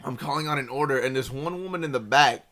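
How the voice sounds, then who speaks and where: A man's voice: mid-range voice, fast talker. A young man co-hosting a podcast, telling a work story in casual, profanity-laced slang. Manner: profane, animated retelling with slang. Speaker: podcast co-host.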